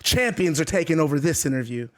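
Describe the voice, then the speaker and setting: A man's voice: on the high side, lively intonation, quick pace, a bit bright, pitched below the performer's own voice. Brief: man voicing a scheming female champion, smug backstage talk.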